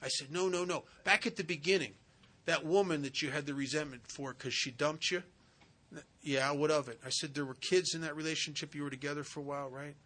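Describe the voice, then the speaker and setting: Man, retreat speaker, earnest storyteller, bright, forceful tone, acts out voices. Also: a little high, fairly even intonation, brisk. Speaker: recovery speaker. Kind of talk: spiritual retreat talk. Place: retreat center hall.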